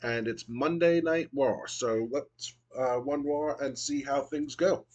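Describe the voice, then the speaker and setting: A man giving casual commentary on a wrestling management game he plays, reading out match results in a relaxed way with some fillers. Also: medium pitch, slow, lo-fi sound. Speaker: video game booker.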